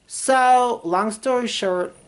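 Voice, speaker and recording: A woman's voice: on the high side, slow, clear, resonant tone. A young woman from Texas telling a personal story in a casual, rambling way, with many restarts and swearing. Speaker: vlogger.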